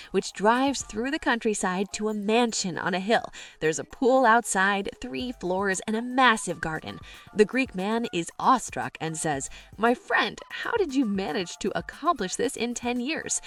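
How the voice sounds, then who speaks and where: A woman narrating jokes in a scripted, storytelling style, lifting her voice for quoted characters. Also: medium pitch. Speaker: joke narrator.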